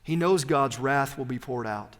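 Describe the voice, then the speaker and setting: A male pastor preaching a sermon, swinging between loud, emphatic peaks and hushed, low phrases. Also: moderate pace, big-room sound.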